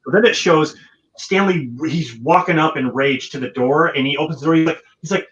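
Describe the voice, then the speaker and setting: A man's voice: fairly high pitch, quick pace. A man co-hosting a casual movie podcast, telling behind-the-scenes stories and acting out the quotes. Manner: animated storyteller, acts out quotes. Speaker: podcast co-host. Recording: dull lo-fi sound.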